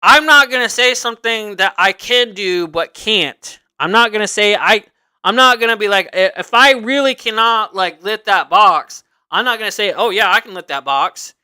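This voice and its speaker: A man's voice: high voice, normal speed, bright, forceful tone, clear, resonant tone, no echo. A man hosting a livestream, chatting casually and earnestly, rambling and circling back to repeat his points. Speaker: livestream host. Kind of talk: casual unscripted chat.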